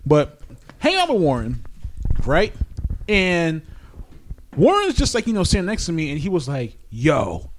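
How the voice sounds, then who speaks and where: Young New man as podcast co-host; animated, swears freely, fairly high-pitched. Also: normal speed, pauses often, slight background noise. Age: 20s. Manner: animated storyteller, swears freely, laughs often. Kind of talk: casual chat.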